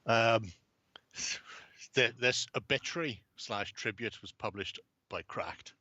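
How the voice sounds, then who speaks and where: A man's voice: on the low side, takes it slowly, bright, forceful tone, no echo. A man hosting a podcast, chatting casually with wry, sweary humor and reading an article aloud with relish. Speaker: podcast host. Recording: muffled lo-fi.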